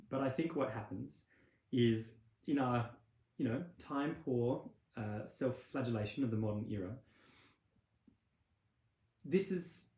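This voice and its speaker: A male meditation teacher talks loosely and conversationally, wandering between points and acting out little imagined exchanges. His voice sits at an ordinary middle pitch. The recording carries a noticeable roomy echo. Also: dark tone. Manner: rambling and conversational, acts out little scenes with laughs. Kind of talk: casual spoken teaching.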